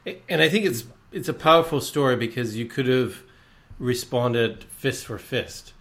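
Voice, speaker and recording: A man's voice: medium pitch, normal speed, a bit bright. A man hosting a podcast interview, summing up what his guest has said with brief words of support. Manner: brief supportive backchannels and reflective summaries. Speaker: podcast host.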